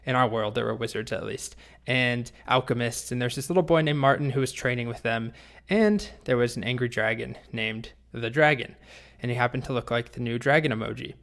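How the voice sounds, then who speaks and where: A man's voice: mid-range voice, brisk, vocal fry. Chatty male programming instructor. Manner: relaxed, chatty, with small restarts. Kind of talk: storytelling lesson narration.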